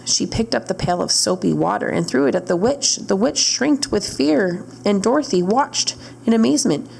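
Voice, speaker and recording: A woman's voice: mid-range voice, lively intonation, normal speed, gravelly, darkish tone, a little hiss or hum, rough recording. A woman librarian reading a storybook aloud at storytime, narrating steadily and correcting small slips.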